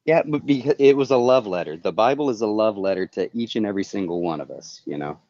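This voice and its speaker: A man talking earnestly and casually on a livestream call, halting and rambling with many restarts. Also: lowish voice, animated, warm tone, dry recording. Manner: earnest, confessional. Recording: dull, dry lo-fi call audio.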